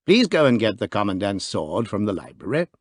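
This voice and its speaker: A man reading aloud, voicing a calm police chief who speaks in pleasant, level tones. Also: lowish voice, brisk, dry recording, studio quality. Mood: calm, probing.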